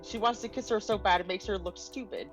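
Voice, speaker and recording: A woman's voice: medium pitch, fast, over music, rough recording. A woman co-streaming a story game, chatting in a blunt, joking way and swearing casually. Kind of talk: casual chat while playing a game.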